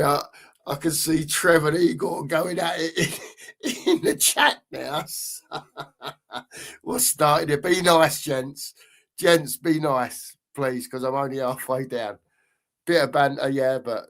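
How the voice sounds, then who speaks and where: Bloke chatting on a live stream, banters with the chat, voice sits a bit high. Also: male voice. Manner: chatty banter, addressing viewers by name. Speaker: host. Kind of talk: casual livestream chat reading viewer comments.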